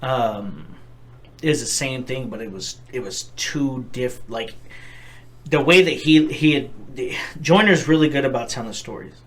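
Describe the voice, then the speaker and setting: A man's voice: mid-range voice, unhurried, a bit bright. A young man co-hosting a podcast, talking in a rambling, profane, earnest way in casual chat. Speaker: podcast co-host.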